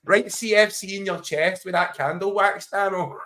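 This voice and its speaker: A man with a bright, slightly high voice banters through a live football watchalong. He laughs often and keeps calling his co-host bro. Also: normal speed. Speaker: livestream co-host.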